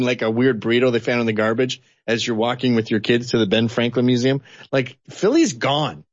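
A man from Canada giving blunt, animated political opinions as an interview guest. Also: no room sound, highs cut off. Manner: blunt, animated, sweeping pitch swings.

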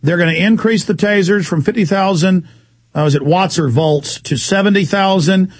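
A man hosting a call-in radio show, ranting fast and indignantly and mocking officials in put-on voices. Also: high voice, dry recording. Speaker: radio talk show host.

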